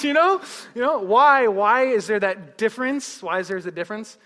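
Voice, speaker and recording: A man preaching a sermon as pastor, telling stories in a lively way and asking the crowd one question after another. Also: high-pitched, moderate pace, big-room sound. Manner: lively storytelling with repeated rhetorical questions.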